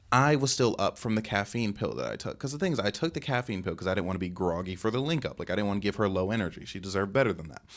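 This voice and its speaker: Fast-talking young man telling a story. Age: 20s. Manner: fast rambling talk with many fillers, lively jumps in pitch; reads text messages aloud in a lower, softer voice. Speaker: vlogger telling a dating story. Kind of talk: casual storytime.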